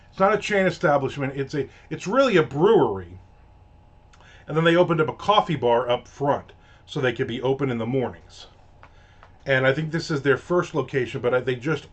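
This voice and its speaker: A man hosting a casual ranting monologue, telling a story in a profane, exasperated way. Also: medium pitch. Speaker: host. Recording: dull lo-fi audio.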